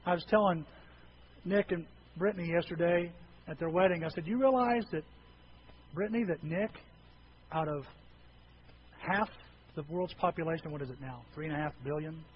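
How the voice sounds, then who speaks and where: A man's voice: on the high side, normal speed, pauses often, muffled recording, slight background noise. A man preaching a humorous sermon, telling folksy stories and jokes to a congregation.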